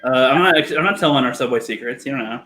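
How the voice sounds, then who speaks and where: A man's voice: mid-range voice, fast, sharp tone, echoey room. A man on a casual panel chat, joking and teasing crudely.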